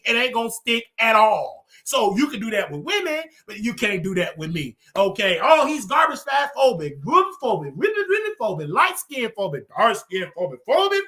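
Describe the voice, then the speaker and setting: A male host tears into his targets in a heated commentary rant. He mocks and repeats himself for effect, and his voice is high-pitched and bright. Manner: heated, repetitive, mocking. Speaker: show host.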